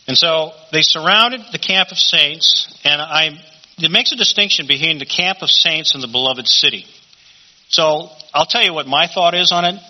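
A man's voice: on the high side, moderate pace. A man teaching a Bible study in a conversational sermon style, often asking rhetorical questions. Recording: dull lo-fi recording.

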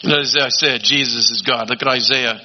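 A man preaching a sermon as pastor, emphatic, swinging between loud urging and quiet asides. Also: mid-range voice, fairly even intonation, moderate pace, slight background noise. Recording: dull lo-fi sound.

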